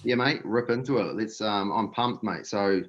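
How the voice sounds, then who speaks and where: A man's voice: lowish voice, normal speed, dull audio. A man with a New Zealand accent, a corporate wellness expert, talking in an easygoing, upbeat and slangy way as a podcast guest. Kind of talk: casual podcast interview.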